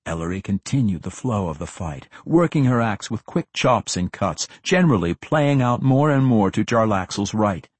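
A man reading a fantasy audiobook as narrator, telling the story in an expressive, dramatic way. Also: fairly low pitch, moderate pace, few pauses, breathy edge, dry recording.

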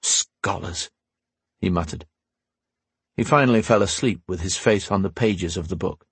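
A man reading a fantasy novel aloud in calm, even scripted narration. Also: deep voice, a little fast, husky, dry recording. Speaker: audiobook narrator.

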